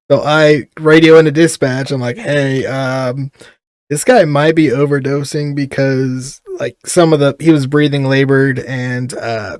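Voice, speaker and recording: A man's voice: medium pitch, darkish tone, no echo, clean studio sound. A man, a police officer, telling stories in casual podcast chat and laughing often between lines.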